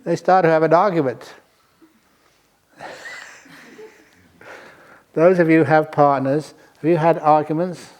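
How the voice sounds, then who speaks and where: A man's voice: on the high side, steady tone, measured pace, pauses often, darkish tone. An older man, a monk, giving a dharma talk to a retreat audience, telling a humorous story and often chuckling. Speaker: monk teacher.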